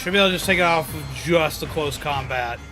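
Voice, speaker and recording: A man streaming a video game, talking casually and breaking into animated, profane shouted rants. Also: fairly high pitch, fast, music in the background. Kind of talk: casual live-stream commentary.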